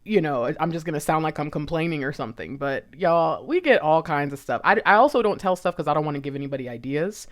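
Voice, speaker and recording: A woman's voice: low voice, expressive, fast, hardly any pauses. A woman hosting her own channel, talking to viewers in a rambling, heartfelt casual chat and laughing often. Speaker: intuitive reader and channel host.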